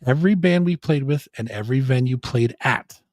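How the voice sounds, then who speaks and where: A man's voice: medium pitch, brisk, a little mellow, no room sound, studio quality. A man hosting a live rock show stream, joking and profane, playing up a mock apology. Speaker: podcast host.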